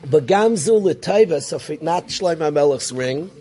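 Animated rebbe man giving a Torah class. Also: fairly high pitch, unhurried. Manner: animated, rhetorical questions, Yiddish-Hebrew terms.

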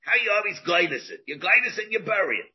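A man's voice: sits high, lively intonation, fast, husky. A man, a rabbi giving a Talmud class, who asks rhetorical questions, repeats his phrases and mixes in Hebrew terms, on a dull lo-fi recording.

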